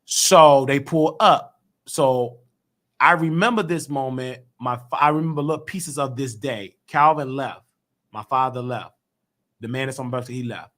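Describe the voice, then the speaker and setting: An unhurried man with a medium-pitched voice hosts a call-in live stream of his own YouTube talk show. He's a lively, slangy storyteller who performs the quoted voices of other people.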